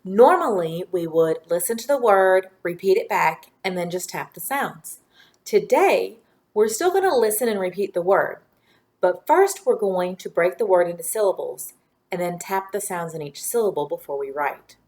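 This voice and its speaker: A woman teaching a children's phonics lesson, giving clear directions and encouraging praise. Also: fairly low pitch, expressive, darkish tone. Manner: slow, clear, drawn-out words.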